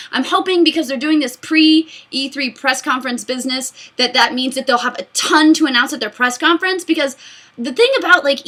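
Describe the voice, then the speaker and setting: Giggly bright-voiced woman in her twenties. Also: high voice. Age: mid-20s. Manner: excitable, giggly, rambling. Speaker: YouTube host answering fan questions. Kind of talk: casual Q&A chat.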